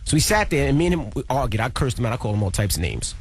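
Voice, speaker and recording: A young man with a husky edge tells a story on a morning radio show, racing along. His pitch swings widely as he acts out voices, jumping into exasperated squeaks. A faint music bed plays under him. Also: sing-song, racing. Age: young adult.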